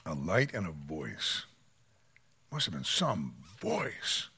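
A man delivers a sermon with a bright, lively voice that leaps up and drops low as he acts out quotes. The sound is close and dry, with no room around it. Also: takes it slowly, vocal fry, slightly rough, dry recording. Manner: animated, dramatic voice swings, acts out quotes. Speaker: pastor.

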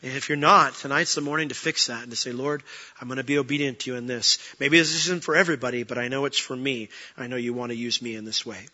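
A man preaching a sermon as pastor, lively and acting out the people he quotes. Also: mid-range voice, quick pace, lo-fi sound. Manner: animated, acts out quoted voices.

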